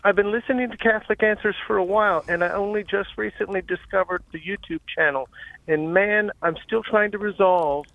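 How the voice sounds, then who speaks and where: Gravelly male caller on a tinny phone line. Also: high-pitched, no echo. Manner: halting, repeats words. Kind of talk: phone-in question.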